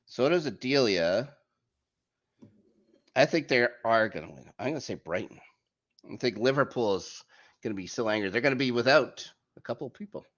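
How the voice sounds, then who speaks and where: A man's voice: medium pitch, normal speed, pauses often. A man hosting a casual football podcast, joking and reading out the week's fixtures. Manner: lively, jokey, reads out fixtures. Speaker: podcast host. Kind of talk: casual sports chat. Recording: muffled lo-fi audio.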